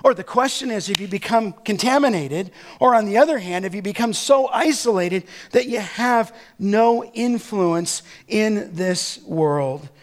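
A middle-aged man with a notably high voice delivers a sermon from the pulpit. He drives his points with emphatic, rising exhortations, then eases into storytelling about the people he meets. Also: animated, measured pace, few pauses. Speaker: pastor.

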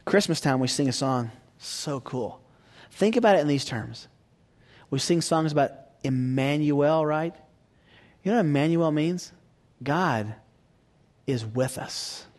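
A man preaching a sermon, swinging from hushed near-whispers to loud emphatic peaks and asking the audience rhetorical questions. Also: a little high, lively intonation, a little slow, long pauses.

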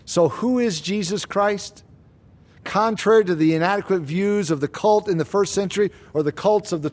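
A man preaching an expository sermon, emphatic and slowing down on key claims, with rhetorical questions to the congregation. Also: high-pitched, a little mellow. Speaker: pastor.

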